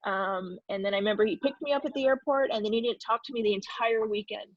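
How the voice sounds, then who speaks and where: A woman's voice: medium pitch, steady tone, fast, hardly any pauses, fairly bright tone, dry recording. A woman in her forties from California, a former pro soccer player answering questions and telling stories in a reflective way, with frequent ums. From California, USA. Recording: dull lo-fi dry sound.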